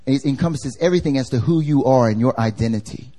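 A man's voice: medium pitch, quick pace, mellow. Casual, slangy man preaching a sermon. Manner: casual and slangy, asks the congregation questions. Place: church service.

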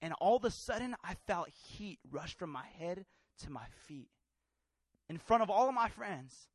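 A man from California telling his conversion story as a sermon, slangy and casual at first, then rising into loud, fervent preaching. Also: high voice, animated, moderate pace, breathy edge, dry recording. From California, USA. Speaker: preacher giving his testimony. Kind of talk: sermon testimony.

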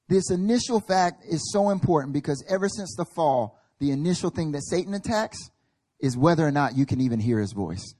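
A man's voice: on the high side, animated, a little fast, dark tone. A male pastor preaching a sermon at a church service, emphatic and building in intensity, acting out little quoted voices.

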